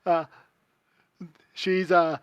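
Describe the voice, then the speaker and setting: A game master narrating a tabletop game in a relaxed way, with frequent fillers. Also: mid-range voice, drawn-out words, clear, resonant tone, no room sound.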